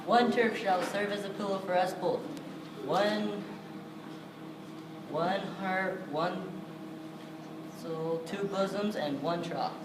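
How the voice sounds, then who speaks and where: A woman plays an ardent young man courting in verse, at a middling pitch. The voice sounds far from the mic in an echoey space, with audience ambience behind. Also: takes it slowly, pauses often, background noise, close to an everyday voice. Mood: tender. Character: ardent young male lover. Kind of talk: outdoor stage acting. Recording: distant echoey stage recording with ambience.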